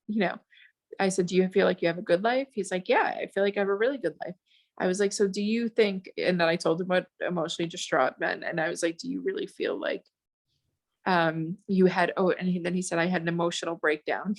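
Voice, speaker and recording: A woman in her forties, a podcast guest, talking in a rambling, animated way with many restarts. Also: fairly low pitch, brisk. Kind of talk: casual podcast chat.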